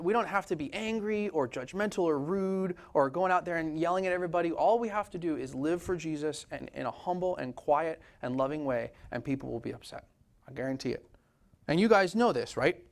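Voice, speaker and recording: A man preaching a sermon in a casual, conversational way, often asking "right?" and laughing lightly. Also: a little high. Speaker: pastor.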